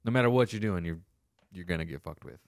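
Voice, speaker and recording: Deep male voice, dry and close, relaxed profane chat. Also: fast, no room sound. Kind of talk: casual chat.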